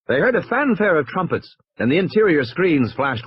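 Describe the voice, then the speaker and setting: A man reading an audiobook aloud in a very expressive, swooping way. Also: lowish voice, fairly quick, few pauses, breathy edge. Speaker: audiobook reader. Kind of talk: audiobook narration. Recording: dull lo-fi recording.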